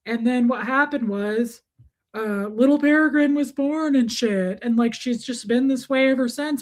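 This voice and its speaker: The host of a casual livestream, a young woman, tells a meandering, jokey story and swears freely as she chats. Her voice is fairly high and she takes her time.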